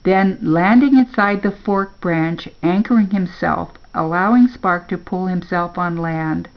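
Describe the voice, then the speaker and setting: An older woman, a grandmother, reading a children's story aloud in a slow, gentle storybook manner. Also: on the low side, lo-fi sound.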